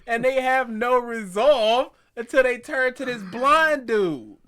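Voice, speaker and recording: Slow bright-voiced guy, lively pitch, jokey cohost. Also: clear, resonant tone. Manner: dry jokey interjections, laughing. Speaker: co-host. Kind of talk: casual commentary chat.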